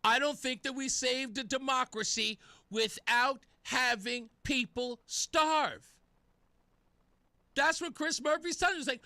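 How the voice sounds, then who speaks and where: A man's voice: extremely high pitch, a little slow, bright, forceful tone, dry recording. A man hosting political talk radio, delivering sarcastic, mocking commentary. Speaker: radio talk show host.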